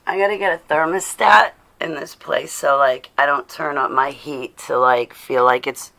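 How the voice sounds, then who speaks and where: Female livestream host, low and raspy-edged voice, casual home chat that calls out viewers. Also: steady tone, normal speed, pushed and bright. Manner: chatty, addresses viewers by name, laughs often. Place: indoors at home.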